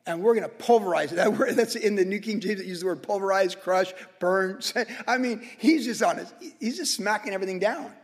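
A man pastor preaching a sermon in a church, energetic and casual, with slang. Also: high-pitched, fairly quick, few pauses, big-room sound. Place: church sanctuary with congregation.

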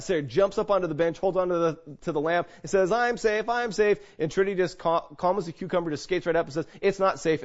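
Middle-aged man, pastor, high voice, animated storyteller with loud and hushed swings, dull lo-fi recording. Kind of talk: sermon. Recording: dull lo-fi sound.

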